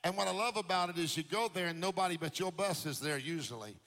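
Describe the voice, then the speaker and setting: A man preaching a sermon in church in a sing-song cadence that climbs into shouts. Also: on the high side, fast. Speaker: pastor. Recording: long hall reverb with faint music.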